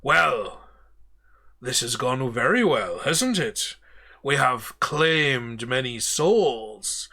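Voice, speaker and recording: A man voicing a gruff ghostly captain, speaking slowly and menacingly. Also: mid-range voice, lively intonation, pushed and bright, full character voice. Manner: slow, drawn-out menace. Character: ghostly pirate captain, soul-hungry, gruff.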